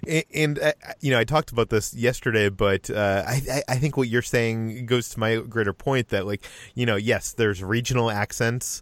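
A man's voice: medium pitch, normal speed, few pauses, dry recording. A man from Boston hosting a podcast, reading listener mail in casual chat and stumbling over many fillers and restarts. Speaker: podcast host.

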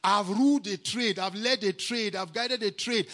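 Exuberant high-voiced Nigerian preacher. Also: male voice, moderate pace. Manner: exuberant, call-and-response, rising to shouts. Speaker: guest preacher. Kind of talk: sermon. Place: church camp meeting.

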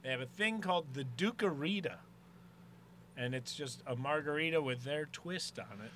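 A man's voice: a little high, normal speed, a little hiss or hum. A man in his thirties hosting a podcast, telling family stories in casual chat and laughing often. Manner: animated storyteller, laughs often. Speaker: podcast host.

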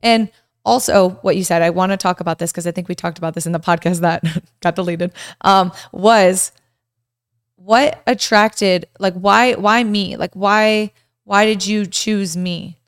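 A woman's voice: mid-range voice, a little slow, smooth, no room sound, clean studio sound. A young woman in her twenties co-hosting a couple's podcast, chatting casually and animatedly, telling stories with lots of "like". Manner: animated, storytelling with many "like"s. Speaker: podcast co-host.

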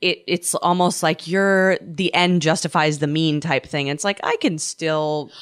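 Woman cohost on a chat podcast, low smooth voice, backs the guest up, blunt little asides. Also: fairly even intonation. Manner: supportive, quick affirmations and blunt asides. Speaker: podcast co-host. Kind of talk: casual interview chat.

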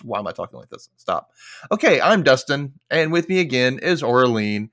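A man's voice: medium pitch, very animated, moderate pace, fairly bright tone, dry recording, studio quality. A man hosting a TV rewatch podcast, chatting casually and recapping with playful jokes and frequent laughs. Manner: playful, jokey, laughs often. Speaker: podcast host. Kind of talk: casual chat and episode recap.

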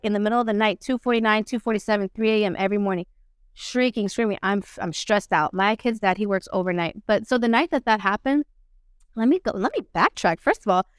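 A young woman telling a story as a podcast guest, in a blunt, slangy way with lots of swearing, acting out quotes with big swings in pitch. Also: fast, smooth, no echo, clean studio sound. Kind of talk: casual storytelling.

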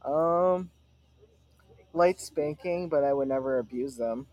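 A man's voice: a little high, takes it slowly, a little mellow, no echo, dull audio. A man co-hosting a podcast in casual chat, dry and matter-of-fact. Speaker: podcast co-host.

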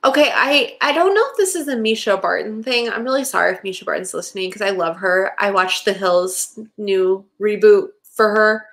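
A young woman co-hosting a casual rewatch podcast, animated and exasperated, saying "like" constantly. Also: medium pitch, normal speed, hardly any pauses. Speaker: podcast co-host.

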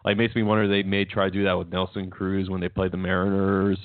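A podcast co-host on a casual sports chat rambles, keeps restarting his sentences, and laughs at his own jokes. His voice is low-pitched and delivered flat and fast over a dry, tinny, phone-like line.

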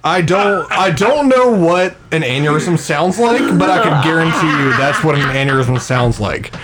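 A man's voice: fairly high pitch, expressive, normal speed, music in the background. A man co-hosting a podcast in crude casual chat, given to profane, exaggerated outbursts. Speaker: podcast co-host.

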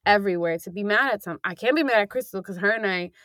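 A young woman talks in a loose, candid, rambling way, full of fillers and the occasional swear word. Her voice sits at an ordinary middle pitch. The recording is dry and close, with almost no room sound. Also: fast, a bit bright, no room sound. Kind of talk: casual chat.

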